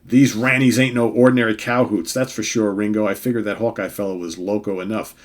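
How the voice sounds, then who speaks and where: A man's voice: fairly low pitch, fairly even intonation, a little fast, lightly acted. A man voicing a male cowboy gunslinger from a comic, using folksy Western slang. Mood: wary.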